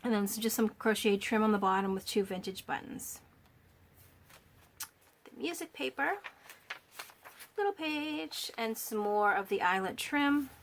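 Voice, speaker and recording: Filmed by a camera on a stand in her home craft space, a woman admires a handmade journal, gushing softly as she walks through it casually. She speaks at a moderate pace in a mid-range voice, barely pausing, though she fills her talk with fillers and restarts. Her voice is a little worn from slightly losing it, and a faint hum of room noise lingers behind her.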